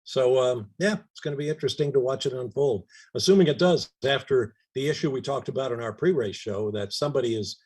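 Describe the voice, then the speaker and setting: A man's voice: medium pitch, fairly quick, hardly any pauses, darkish tone, husky. A male radio co-host in casual studio chat, telling wry anecdotes and often repeating "and, and.".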